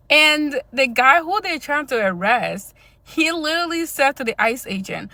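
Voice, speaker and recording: A woman's voice: high-pitched, animated, moderate pace, pushed and bright, dry recording. A woman from Liberia delivering a heated, profane casual rant full of rhetorical questions. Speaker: social media commentator.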